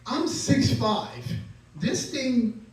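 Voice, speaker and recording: A man performing a stand-up comedy set on stage, telling a story in an animated way and acting out the other people in it. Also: very high voice, very slow. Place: comedy stage with live audience. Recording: echoey venue, mic at a distance.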